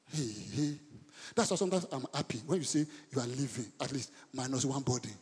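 A middle-aged Nigerian pastor preaching a sermon in a church, moving sharply between quiet asides and loud bursts and repeating words for emphasis. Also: male voice, mid-range voice, fast talker, slightly rough. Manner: dramatic swings between soft asides and loud outbursts; code-switches mid-sentence, repeats words for emphasis. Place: church hall. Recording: long hall reverb.

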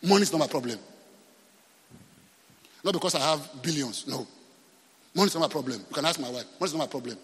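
A man's voice: a little high, fast, pauses often, fairly bright tone, breathy edge, big-room sound. A man with a Nigerian accent preaching a sermon as pastor, often asking the congregation questions and repeating himself.

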